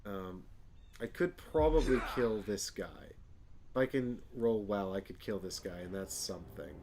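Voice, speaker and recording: A man's voice: fairly low pitch, normal speed, a little mellow, a little hiss or hum. A man playing a board game and thinking aloud, sighing and cursing openly when things go wrong. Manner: emotional, sighs and curses at bad luck. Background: background music.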